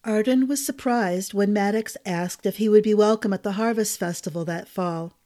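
A woman narrating a fantasy novel for a storytelling podcast in a measured, dramatic reading style. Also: medium pitch, warm tone.

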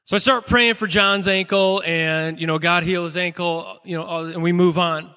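High bright-voiced male pastor, echoey hall. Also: steady tone, clear, resonant tone. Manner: earnest storytelling with dramatic pauses. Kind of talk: sermon.

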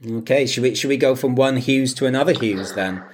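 A man co-hosting a casual podcast chats in a medium-pitched voice at a fairly quick pace, rambling with lots of fillers and restarts and frequent laughter. Slight background noise is audible.

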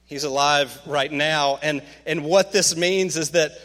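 A man preaching a sermon, swinging from hushed, slow lines to emphatic, rising peaks. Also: long reverb tail. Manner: emphatic, rising to fervent peaks, dropping low and slow for quoted words. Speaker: pastor.

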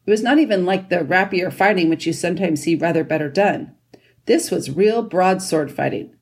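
A woman narrating a children's storybook at a steady pace. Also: lowish voice, moderate pace. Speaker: audiobook narrator.

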